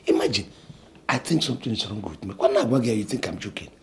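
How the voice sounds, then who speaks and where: A man's voice: lowish voice, fast talker, slight background noise, lightly acted. An actor with a Nigerian English accent playing an anxious, complaining young man who believes he is cursed. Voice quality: worried, complaining.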